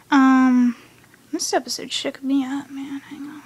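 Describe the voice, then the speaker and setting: A teenage fan records herself at home, by herself in her room, reviewing a cartoon episode she's just seen in a high, bright, excitable voice. Her overall pace is a little slow, though she recaps at speed and then slides into whispered asides.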